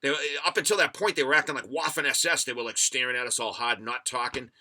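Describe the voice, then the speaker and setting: An American man hosts a livestream podcast, rambling and cursing as he tells stories and reads chat comments. His medium-pitched voice is steady but fast, with a pushed, bright quality.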